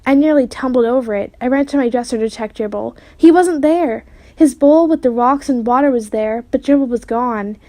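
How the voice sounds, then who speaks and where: A woman reading a children's chapter book aloud in steady storytelling narration. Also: sits high, normal speed, no room sound. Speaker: reader.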